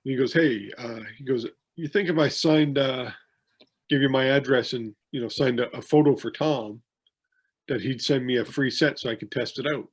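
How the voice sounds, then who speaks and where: Here a wrestling promoter co-hosting a podcast talks at normal speed, his medium-pitched voice carrying a breathy edge. The chat is casual, and his stories ramble with many fillers and false starts.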